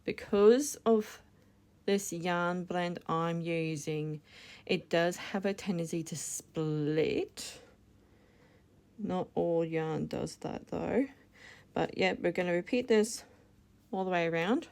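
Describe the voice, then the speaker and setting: Slow, chatty woman teaching crochet. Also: on the low side, gravelly, a little mellow. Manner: chatty, self-correcting, laughs at her slips. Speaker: crochet tutorial host. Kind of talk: casual step-by-step demonstration.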